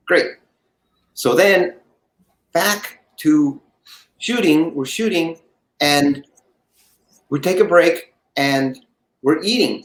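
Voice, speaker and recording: A man who is an actor telling an anecdote as a guest, lively and acting out the voices of others in his story. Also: on the high side, extremely slow, long pauses, reverberant.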